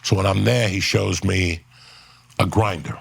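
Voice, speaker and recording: This man has a very low, gravelly voice with a husky, rough edge. He tells a profane story in a studio, jumping into other people's lines as he goes. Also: unhurried. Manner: animated, swearing, acts out other people's lines. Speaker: guest storyteller. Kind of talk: profane anecdote telling.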